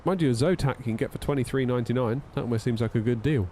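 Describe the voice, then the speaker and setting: A man's voice: medium pitch, rapid-fire, mellow, a little hiss or hum. A man chatting casually on a flight sim live stream, wry and a little tired, reading out chat messages as he goes. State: yawning, tired.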